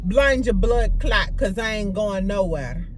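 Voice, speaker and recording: A woman's voice: mid-range voice, lively intonation, measured pace, slight background noise, natural voice. A woman putting on a Jamaican accent to impersonate a brash woman rapper, taunting and drawn out. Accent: Jamaican put-on.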